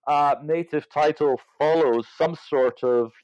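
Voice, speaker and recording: A man's voice: a little high, measured pace, dry recording. A man in his fifties or older, an author speaking as a guest, talking thoughtfully with many hesitations and restarts. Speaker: author and legal scholar guest. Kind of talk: reflective interview conversation. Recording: dull, dry lo-fi sound.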